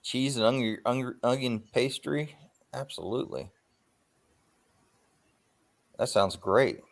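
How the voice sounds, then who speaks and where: A man's voice: mid-range voice, vocal fry. Casual livestream host, male, loose and rambling, salty language, lots of ums and uhs. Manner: rambling, swears freely, frequent filler pauses.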